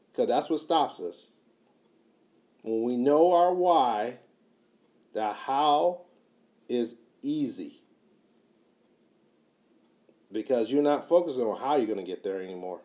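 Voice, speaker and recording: A man giving a motivational talk, emphatic and repetitive, swinging from quiet to loud. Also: medium pitch. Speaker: motivational speaker.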